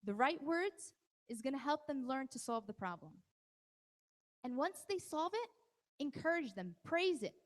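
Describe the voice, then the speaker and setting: A woman with a high voice gives a live parenting talk in a large hall. Her words ring out with a long reverb tail. She keeps it conversational and teases audience members by name. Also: sing-song, measured pace, long pauses. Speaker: parenting workshop presenter.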